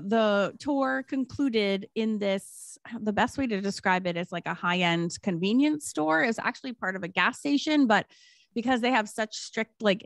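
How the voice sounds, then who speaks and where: A woman telling a story on a podcast in a casual, animated way, with lots of filler words and quoted voices acted out. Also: no room sound. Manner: animated, acts out quoted voices high-pitched. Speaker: podcast guest.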